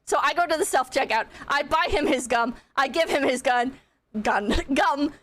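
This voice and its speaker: High-voiced woman streamer telling a story. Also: normal speed. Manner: animated, swears freely, laughs through her telling.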